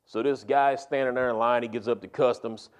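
A man preaching in a relaxed, down-home way, his voice sitting at an ordinary middle pitch. He leans on key phrases and pushes up into loud, emphatic peaks to drive home a point. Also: fairly quick. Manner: folksy, emphatic preaching with rising, punchy climaxes. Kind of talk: sermon.

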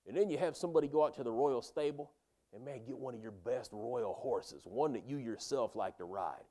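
A man's voice: medium pitch, a little mellow, natural voice. A man voicing a vain, scheming royal minister who talks in self-important slang.

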